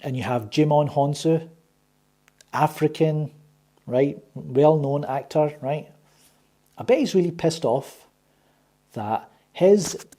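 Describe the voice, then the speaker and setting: A man's voice: mid-range voice, warm tone. A man hosting his own movie review channel, ranting with sarcasm and frequent swearing. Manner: sarcastic, swears a lot, exasperated.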